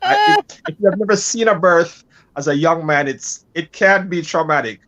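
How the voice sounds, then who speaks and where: Man telling a lively personal story. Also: fairly high pitch, moderate pace. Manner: animated, self-deprecating storyteller. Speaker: pastor, guest father.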